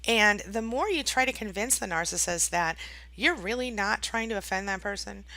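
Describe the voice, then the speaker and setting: Chatty woman coach, bright tone with some fry, acts out quotes. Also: mid-range voice, moderate pace, no room sound. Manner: chatty, tags sentences with "right?" and "okay?"; acts out quoted voices dramatically. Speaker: online coach for abuse survivors. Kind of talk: direct-to-camera advice talk.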